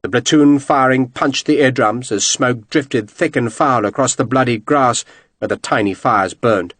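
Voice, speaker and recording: A man narrating an audiobook in an expressive, dramatic reading style. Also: mid-range voice, measured pace, no room sound.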